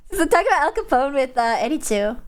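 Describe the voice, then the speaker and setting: High-voiced Midwestern woman streamer, rambling, giggly casual chat. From American Midwest. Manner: rambling and giggly, lots of fillers. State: coughing after choking on water.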